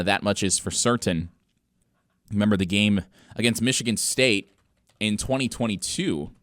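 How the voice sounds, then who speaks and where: A man's voice: lowish voice, a bit bright, dry recording. A young man hosting a college sports radio show, giving commentary with dry, sarcastic quips.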